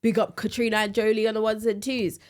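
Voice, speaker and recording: A woman co-hosting a casual podcast chat. She sounds tired and a bit bunged up with a cold, and she talks in an animated way with frequent laughs. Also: on the high side, fast talker. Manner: chatty, animated, laughs often. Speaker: podcast co-host.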